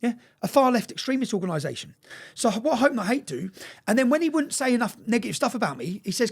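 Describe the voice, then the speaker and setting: A man's voice: very high voice, very animated, quick pace, breathy edge. A man telling his story in an interview, emphatic and swearing often, checking in with his listener as he goes. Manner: emphatic and profane, keeps checking in with "yeah?". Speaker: interview guest.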